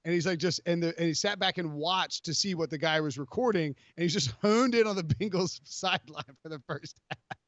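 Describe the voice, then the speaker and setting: A man hosting a podcast, his voice sitting a bit high as he rambles in animated, jokey bursts full of restarts and fillers. The sound is dry and a touch dull, like plain podcast audio. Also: fairly quick, no room sound. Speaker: podcast host. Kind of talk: casual sports podcast chat.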